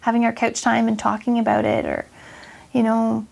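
A woman's voice: fairly high pitch, monotone, normal speed, creaky, darkish tone. A woman nurse earnestly sharing a personal faith story in a casual chat, reflective and full of fillers.

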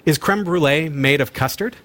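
This host's voice is a little high and fairly bright, delivered at normal speed. Showing off smart speakers in a casual chat, he stays upbeat and chatty, often restarting what he's saying.

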